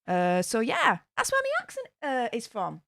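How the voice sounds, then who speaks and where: A woman's voice: a little high, huge pitch swings, normal speed, a bit bright, no room sound, clean studio sound. A young adult woman with a Yorkshire accent, chatting blunt and casual on a livestream, reading out fan messages and swearing freely. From Yorkshire, England. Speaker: YouTube livestream host. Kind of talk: casual livestream chat reading super chats.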